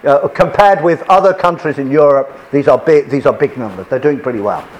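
A man's voice: a little high, a little fast, dull audio. A man giving a classroom lecture with slides, chatty, often repeating and restarting his phrases.

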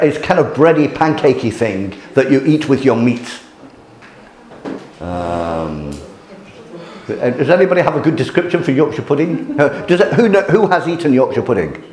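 A man's voice: medium pitch, darkish tone. Hesitant male lecturer in a roomy hall. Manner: hesitant, many restarts and fillers, chuckles at his own jokes. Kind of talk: informal lecture showing photos to a class.

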